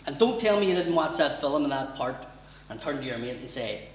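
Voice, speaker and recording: A man's voice: mid-range voice, lively intonation, a little fast, reverberant, far from the mic, a little hiss or hum, low-quality recording. A man with a Northern Irish accent doing a brash, sweary stand-up comedy routine at a live venue.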